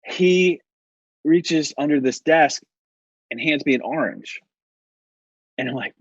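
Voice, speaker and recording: A man's voice: fairly high pitch, expressive, measured pace, pauses often, breathy edge, no echo, dull audio. An American man on a podcast as a guest, telling stories in a rambling, self-correcting way and laughing often. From United States. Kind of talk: casual interview storytelling.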